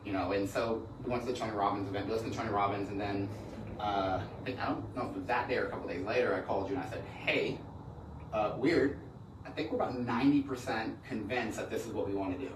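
A man's voice: fairly low pitch, fairly even intonation, background noise. A middle-aged man in real estate, telling rambling stories in a casual podcast conversation, often restarting his sentences. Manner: fast, rambling storyteller with frequent restarts. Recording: echoey room, mic at a distance.

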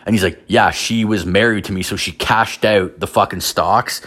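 A man's voice: fairly low pitch, normal speed, fairly bright tone. A man hosting a podcast, telling rambling, profane comedic stories in a casual rant. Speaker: podcast host.

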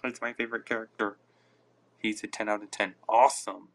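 A man's voice: on the low side, little pitch movement, a little fast, fairly bright tone, slight background noise. A man hosting a casual live podcast on his phone, rambling and reacting aloud to listener comments. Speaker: podcast host.

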